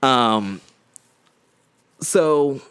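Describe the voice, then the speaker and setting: A man's voice: medium pitch, expressive, very slow, a bit bright, smooth, no echo. A young man co-hosting a podcast, telling a story in casual, rambling chat, full of "like" and fumbled words. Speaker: podcast co-host.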